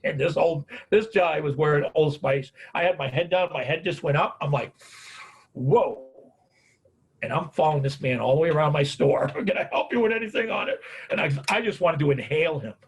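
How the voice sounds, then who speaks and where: This caregiving speaker, a middle-aged American, has a husky, slightly high voice and talks fairly quickly with hardly any pauses. He shares folksy stories about caregiving and grief, frequently ending his lines with "man" and "on it."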